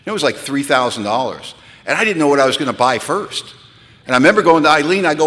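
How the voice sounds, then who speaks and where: Man, self-deprecating storyteller at a retreat talk, bright voice, hall reverb. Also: quick pace. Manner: animated, self-mocking, builds to high-pitched punchlines. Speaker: speaker sharing recovery story. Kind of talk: storytelling talk to a live audience.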